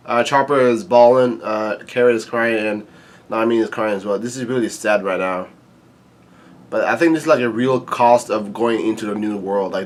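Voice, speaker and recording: A man with a mid-range voice talks through a comic chapter in an easy, chatty way. He stumbles along with frequent ums and uhs and often restarts his sentences. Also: mid-range voice. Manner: halting, full of uh and um and restarts; laid-back, chatty. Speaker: YouTube manga reviewer. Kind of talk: casual chapter read-through commentary.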